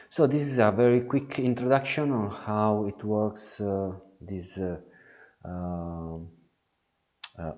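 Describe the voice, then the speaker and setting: Slow, deep-voiced man with many fillers. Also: dark tone, highs cut off. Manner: hesitant, many fillers and restarts. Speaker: software tutorial presenter. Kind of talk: screen-recorded software walkthrough.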